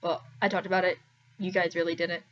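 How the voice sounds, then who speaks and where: A woman's voice: lowish voice, level tone, brisk, lo-fi sound, slight background noise. A young woman vlogging to camera in a chatty, wry, self-deprecating way, full of "like"s. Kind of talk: casual talking-to-camera vlog.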